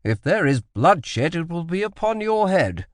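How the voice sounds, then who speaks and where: A man voicing a commanding British admiral in an audiobook, speaking with deliberate authority. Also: mid-range voice, expressive, no echo, studio quality, close to an everyday voice. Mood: demanding. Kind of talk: audiobook character voice.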